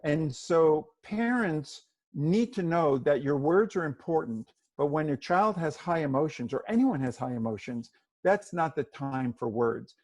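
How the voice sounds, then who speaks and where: A middle-aged man, a parenting expert, explaining in a lively, demonstrative way in an interview. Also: a little high, unhurried, dry recording. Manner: lively, demonstrative, acts out examples.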